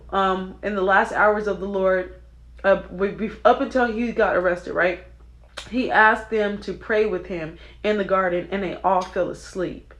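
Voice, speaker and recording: A young woman giving casual spiritual commentary on song lyrics, chatty and excitable, often checking in with her listeners. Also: mid-range voice. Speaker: Christian video creator.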